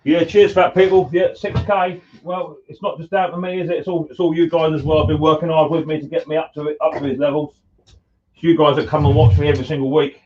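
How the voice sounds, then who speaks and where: A man in his workshop talks easily to his live-stream viewers, calling them mate and buddy as he works. His voice sits a touch high. He is heard from a little way off through a dull, muffled mic. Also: flat delivery, quick pace, darkish tone, distant mic. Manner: chatty, greets viewers by name, calls them mate and buddy. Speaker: live-stream host, mower repairer. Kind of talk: casual live-stream chat while working. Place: home workshop.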